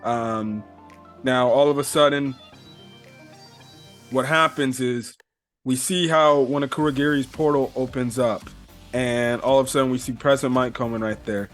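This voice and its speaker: A man's voice: medium pitch, fairly even intonation, normal speed, long pauses, faint music behind. Rambling man recapping a manga chapter. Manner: rambling, filler-heavy, swears casually. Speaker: manga reviewer.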